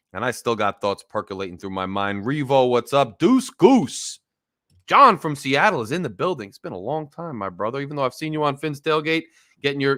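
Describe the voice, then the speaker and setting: Male fan-show host, bright forceful tone, emphatic and wry ranter. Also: mid-range voice. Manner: emphatic, wry, repetitive ranting. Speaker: sports podcast host. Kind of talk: casual fan rant.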